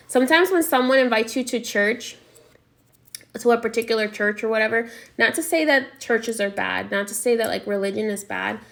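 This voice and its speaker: Woman, spiritual teacher, casual story monologue, higher pitch, chatty with frequent check-ins. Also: normal speed, creaky, a bit bright.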